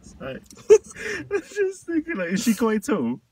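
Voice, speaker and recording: A man's voice: very high-pitched, huge pitch swings, measured pace, a little mellow, recorded from a distance, slight background noise. A young man joining in casual chat, teasing and cutting in with jokey mock voices.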